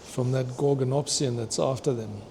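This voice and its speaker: Vlogger, male, mellow tone, eager museum-tour chatter, faint hum behind. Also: medium pitch, moderate pace, vocal fry. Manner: enthusiastic, chatty, stumbles over long names and laughs. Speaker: vlogger touring a fossil museum. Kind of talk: walking museum tour vlog. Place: indoor museum hall.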